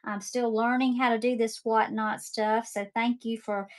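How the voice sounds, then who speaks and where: A woman's voice: on the high side, flat delivery, moderate pace. A talkative woman in her fifties with a Southern accent from Mississippi, chatting casually while selling art kits on a live stream.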